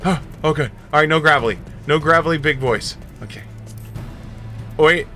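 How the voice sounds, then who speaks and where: Excitable, bright-voiced male streamer. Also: on the high side, moderate pace, soft background music. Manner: excitable, giggly, joking asides. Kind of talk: live gameplay streaming.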